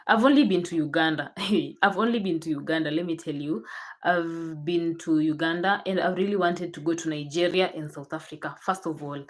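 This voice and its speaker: Low-voiced Kenyan woman vlogging. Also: normal speed. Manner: chatty, repeats herself, frequent restarts. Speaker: YouTuber. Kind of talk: casual chat to camera.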